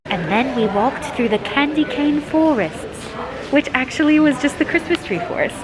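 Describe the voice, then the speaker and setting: A young woman vlogging in a gushing, excitable way, gasping and exclaiming as she chats. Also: a little high, moderate pace. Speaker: lifestyle vlogger. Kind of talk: casual vlog chat.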